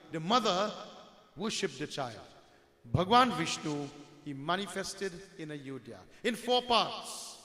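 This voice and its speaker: A man's voice: high-pitched, sing-song, slow, pushed and bright. A man telling a devotional story as a sermon, calling listeners his dear friends and mixing in Hindi devotional words. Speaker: religious storyteller. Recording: echoey hall with long reverb.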